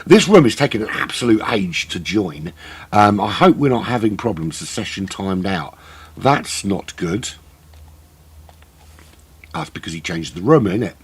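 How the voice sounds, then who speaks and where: A man's voice: on the low side, expressive, measured pace, long pauses, slightly rough. A middle-aged man doing live sim racing commentary, rambling and joking at his own expense to fill the time. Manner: rambling, self-mocking waffle. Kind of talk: live race broadcast commentary, filling time.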